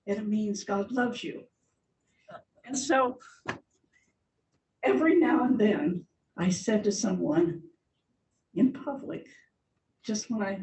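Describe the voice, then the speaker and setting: A woman's voice: lively intonation, a little slow, pauses often, a little mellow. An older woman giving a chatty, informal talk about her slides as a church guest speaker, laughing often. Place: large church hall. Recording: echoey hall, distant mic, faint rumble.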